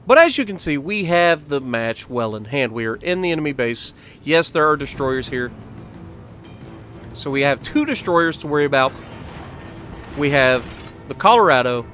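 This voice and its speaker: A man with a bright, fairly high voice plays a game on his channel, narrating casually, kidding around with viewers, and sometimes scolding the game. Soft music from the game plays in the background.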